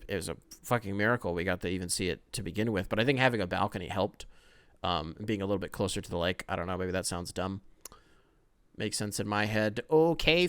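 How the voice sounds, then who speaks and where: A young man hosting a casual solo podcast, rambling and profane, with sudden loud outbursts. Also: fairly low pitch, clear, resonant tone, dry recording. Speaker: podcast host.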